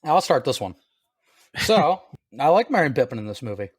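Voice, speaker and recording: A man's voice: medium pitch, very animated, moderate pace, slightly rough, no echo. Easygoing man, mid voice, podcast chat. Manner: laughs often, easygoing. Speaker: podcast co-host. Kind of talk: casual chat.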